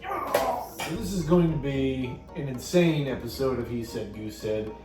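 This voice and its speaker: A man's voice: mid-range voice, lively intonation, measured pace. A man hosting a comedic casual vlog, talking in a jokey, self-mocking way. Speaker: host. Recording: roomy sound from a distance with music.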